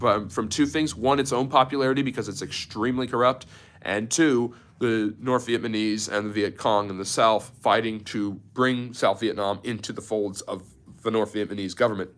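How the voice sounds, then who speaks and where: In a lowish, steady voice at normal speed, a man teaches history on a livestream without a script. He restarts and uses fillers a lot, sometimes halting to answer what viewers write in chat.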